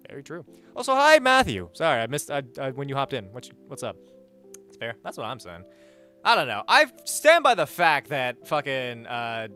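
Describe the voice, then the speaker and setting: A man's voice: mid-range voice, pushed and bright. A young man streaming live, chatting casually, reading out chat and donations, blunt and swearing freely as he rants. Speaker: livestreamer.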